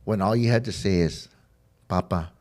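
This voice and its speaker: A man with a fairly low voice recounts his own story on a podcast. He is candid and rambling, full of fillers and restarts, and he acts out the dialogue as he goes. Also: moderate pace, darkish tone. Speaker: podcast guest sharing his recovery story. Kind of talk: heartfelt personal storytelling.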